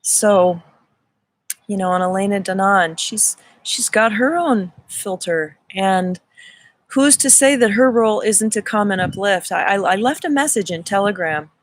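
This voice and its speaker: A woman's voice: medium pitch, unhurried. A woman hosting a live stream, talking in a casual spiritual monologue, earnest and effusive, often restarting and repeating her words. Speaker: spiritual reader hosting a livestream.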